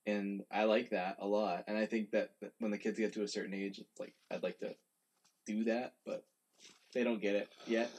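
Middle-aged male co-host, husky and lowish, laid-back rambler who laughs a lot. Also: level tone, moderate pace, darkish tone. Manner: easygoing, laughs often, rambling anecdotes. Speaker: podcast co-host. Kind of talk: casual chat.

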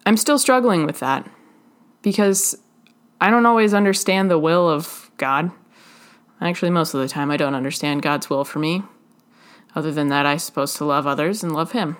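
Earnest woman preaching slowly. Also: low-pitched. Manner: slow, halting, earnest delivery with pauses. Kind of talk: sermon.

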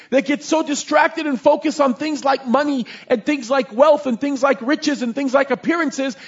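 A man preacher giving a sermon, retelling Bible stories in an animated, informal way with slangy asides. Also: extremely high pitch. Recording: dull lo-fi recording.

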